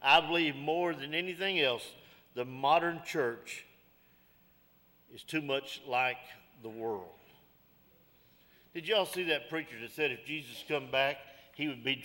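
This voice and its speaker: A man's voice: medium pitch, unhurried, bright, forceful tone, in a large hall. A middle-aged man, preaching a sermon in a church with folksy call-outs and jokes. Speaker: pastor.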